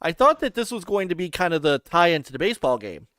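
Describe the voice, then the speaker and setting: A man's voice: sits high, very animated, quick pace, fairly bright tone, no room sound, studio quality. A man hosting a casual gaming podcast from his home basement, laughing often and getting flustered. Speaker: podcast host.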